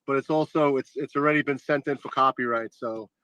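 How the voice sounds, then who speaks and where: A man's voice: medium pitch, steady tone, fairly quick, a bit bright, clear, resonant tone, no room sound, dull audio. A man joining a live stream as a guest in casual chat, speaking proudly and often repeating his words as he restarts.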